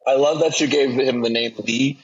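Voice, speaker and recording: Husky-voiced podcast co-host, crude teasing banter, slightly lo-fi mic. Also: male voice, mid-range voice, fairly even intonation, normal speed. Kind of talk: casual chat.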